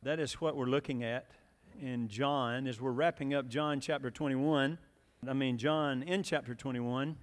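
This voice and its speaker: A man's voice: medium pitch, fairly even intonation, a little slow, long reverb tail. Folksy preacher, man. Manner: folksy storytelling with frequent fillers and questions to the congregation. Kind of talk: sermon.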